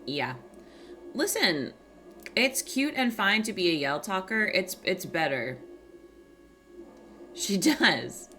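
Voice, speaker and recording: Soft-spoken woman, lively bright voice. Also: medium pitch, takes it slowly, pauses often, faint music behind. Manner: soft-spoken, chatty, reading out chat messages. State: quiet morning voice. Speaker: livestream host. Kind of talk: casual chat with stream viewers. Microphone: small desk microphone.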